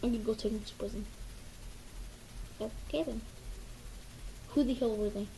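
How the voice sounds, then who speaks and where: A woman's voice: on the high side, normal speed, vocal fry, warm tone, a little hiss or hum, poor audio. A woman voicing a bossy, short-tempered male cop bird in a homemade toy skit, talking bluntly with mild swearing and stumbling restarts. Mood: gruff. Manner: blunt, swears mildly, stumbles over words.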